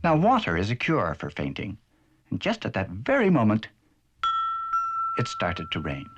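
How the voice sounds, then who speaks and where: A man narrating a children's cartoon story in a playful, animated storytelling way. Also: fairly low pitch, normal speed, highs cut off, over loud music.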